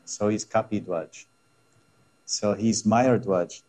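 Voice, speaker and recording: Guy giving a scripture class, lowish voice, rambly, keeps restarting, chuckles a lot. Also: takes it slowly, dark tone. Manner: rambling, laughing asides, many restarts. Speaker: religious teacher.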